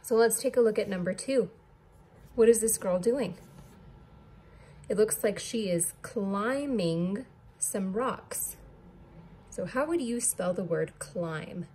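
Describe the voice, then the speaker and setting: A woman's voice: mid-range voice, slow pace, pauses often, mellow, slightly rough. A woman teacher leading a recorded distance-learning lesson, patiently spelling words letter by letter.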